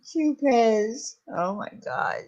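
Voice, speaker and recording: Woman co-streamer, slightly high voice, slow and amused, disbelieving. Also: big pitch swings, darkish tone, dull audio. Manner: laughing, playfully incredulous. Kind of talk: casual chat.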